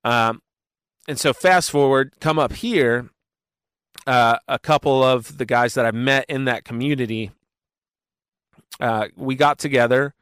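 Smooth-voiced man telling a story. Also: medium pitch, no room sound, studio quality. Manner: animated storyteller with many fillers and quick asides. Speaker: worship pastor, guest. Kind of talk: casual interview storytelling.

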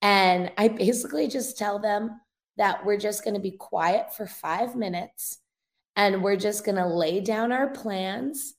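Her voice is gravelly with a slightly fried texture, pitched in an ordinary middle range, and she takes her time. A young revivalist minister interviewed as a guest, she shares an earnest, emotional testimony in a loose, conversational way.

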